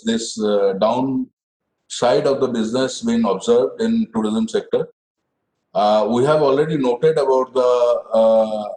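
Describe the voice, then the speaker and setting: Official on a webinar, measured and formal, roomy echo on the call. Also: male voice, mid-range voice, a little mellow. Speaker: official responding to business owners. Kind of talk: webinar discussion. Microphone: video call.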